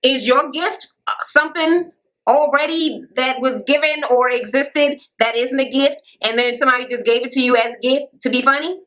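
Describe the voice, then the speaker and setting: A woman's voice: sits high, moderate pace, fairly bright tone. A woman recapping a reality show in a blunt, profane rant, mimicking the people she quotes.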